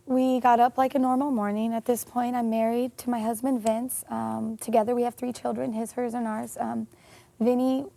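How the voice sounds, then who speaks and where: Give me a woman with a slightly high, mellow voice, telling a personal story with feeling and many fillers. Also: creaky, no room sound. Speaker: interview guest. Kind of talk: personal story in a faith interview.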